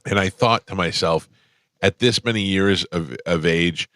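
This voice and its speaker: Radio host, man, very low voice, dry studio sound, loose storyteller. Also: unhurried, fairly bright tone, no room sound. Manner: laughs easily, tells stories. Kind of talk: casual comedic chat.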